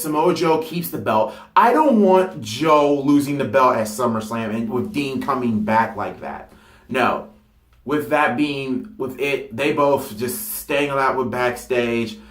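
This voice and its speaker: A man talking casually and excitably about a wrestling storyline, rambling with fillers and stopping to correct himself. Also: mid-range voice, takes it slowly. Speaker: wrestling fantasy-booking vlogger. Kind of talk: casual unscripted monologue. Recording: roomy echo.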